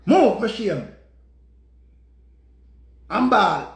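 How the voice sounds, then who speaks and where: Heated Jamaican man with a gravelly high voice. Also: sing-song, takes it slowly, pauses often. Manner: heated, repetitive, shouting outbursts. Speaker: live stream host. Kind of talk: emotional storytelling rant. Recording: echoey room.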